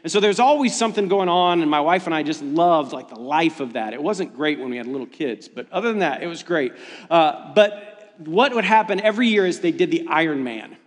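A man preaching as a pastor, telling a story in an animated, self-deprecating way. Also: fairly quick, in a large hall. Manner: animated, self-deprecating storytelling with rising pitch when excited. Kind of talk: sermon.

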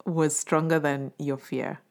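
This woman's voice is deep, level and measured. She hosts a casual interview podcast, backing her guest up with affirmations while talking in a loose way heavy with fillers.

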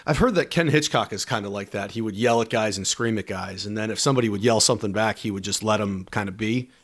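A man's voice: fairly low pitch, quick pace. A man hosting a podcast, reading game recaps before asking the guest a question. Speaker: podcast host. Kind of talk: interview questions.

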